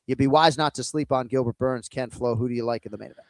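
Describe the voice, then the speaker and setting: A man hosting a fight podcast, briskly setting up picks and handing off to co-hosts. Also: medium pitch, steady tone, dry recording. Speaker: podcast host.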